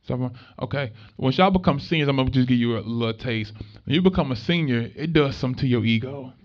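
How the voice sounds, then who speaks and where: A young man giving a motivational talk to students, telling stories in an animated, conversational way with street slang. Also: medium pitch, fast talker. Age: young adult. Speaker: motivational speaker. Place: room with a live student audience. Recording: dull lo-fi recording.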